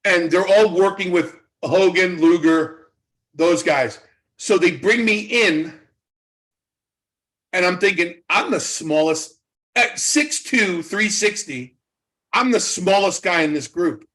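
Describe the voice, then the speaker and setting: Fifties guy, old wrestler spinning backstage stories, kinda high voice, acts out the quotes. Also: takes it slowly, rough recording. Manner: animated storyteller acting out quoted dialogue. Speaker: former pro wrestler, guest. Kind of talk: casual storytelling interview.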